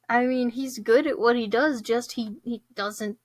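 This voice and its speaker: A woman's voice: fairly high pitch, fairly even intonation, takes it slowly, no echo. A young woman hosting her own podcast in casual chat, bubbly and giggly, with many fillers and restarts. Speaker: podcast host.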